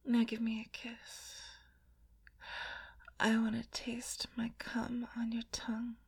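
A woman performing a whispered role-play in an intimate, coaxing way, with soft laughs. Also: a little high, completely flat delivery, slow pace, breathy edge.

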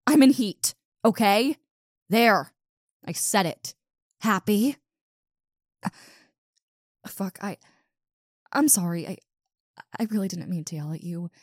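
A woman's voice: on the low side, a little slow, long pauses, no room sound, clean studio sound. A woman voicing a big, muscular wolf monster girl who stammers, swears and talks bluntly in an audio role-play. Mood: embarrassed.

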